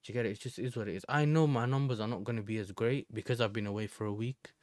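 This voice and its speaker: A man's voice: mid-range voice, fast, no echo. Chatty young man streaming football talk. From Netherlands. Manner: chatty, rambling, slang-filled. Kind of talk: casual live-stream chat.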